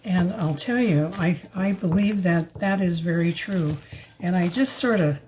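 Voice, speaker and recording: A woman's voice: lowish voice, unhurried, mellow, slight background noise, rough recording. An older woman chatting her way through a home cooking demonstration in her kitchen, talking while she kneads the mix by hand, rambling with fillers and asides. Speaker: home cook filming a recipe video.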